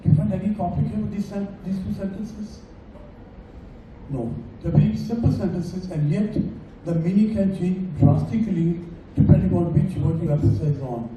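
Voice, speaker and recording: A man's voice: high voice, slight background noise. An older man giving a chatty, joking speech at a farewell event, calling on audience members by name. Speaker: guest speaker. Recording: echoey room, distant dull mic.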